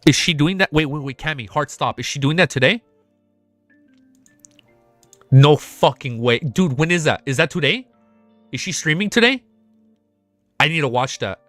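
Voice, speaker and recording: An excitable man chatting live on stream, swearing freely and getting emotional, with a congested nose. His voice is bright and forceful, and the dry, close sound has soft music playing behind it. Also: a little high, fairly quick, no echo. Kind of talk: live reading reaction chat.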